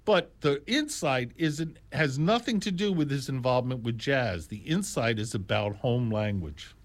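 A man's voice: medium pitch, unhurried. Older man telling jazz stories. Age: 60s or older. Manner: animated, exclaiming, digressive. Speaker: jazz storyteller. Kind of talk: casual storytelling monologue.

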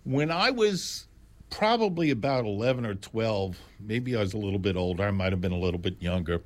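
A man in his sixties or older telling stories in a casual, animated, digressive way, full of exclamations and asides. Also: on the low side, a little fast. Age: 60s or older. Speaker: jazz storyteller. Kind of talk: casual storytelling monologue.

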